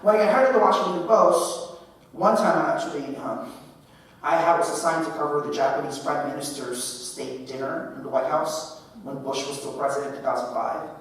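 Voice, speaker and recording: A man in his thirties from the Philippines giving a keynote speech, telling stories in an animated way and often asking "right?". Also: mid-range voice, slight background noise. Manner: animated storytelling with frequent "right?". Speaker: keynote speaker. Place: large lecture hall. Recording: echoey hall from far off.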